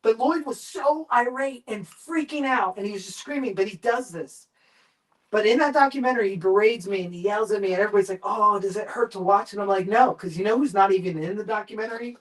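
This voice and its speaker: A man guesting on a live chat show, telling long, animated and profane anecdotes about film work. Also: high-pitched, quick pace, distant mic, low-quality recording. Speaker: guest, makeup effects artist and director.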